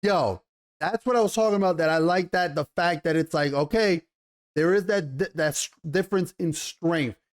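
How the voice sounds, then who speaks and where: A man giving a casual, animated TV episode review in slangy talk, often repeating himself. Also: on the high side, moderate pace. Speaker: TV show reviewer.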